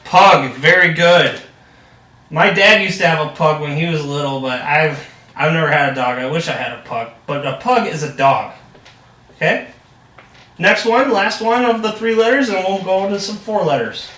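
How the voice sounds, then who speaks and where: A young man acts as a reading tutor, upbeat and full of praise. His voice is high and bright. The sound is roomy and captured from a distance. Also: normal speed. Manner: upbeat and encouraging, heavy praise. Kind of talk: practice lesson role-play. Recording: echoey room, distant mic.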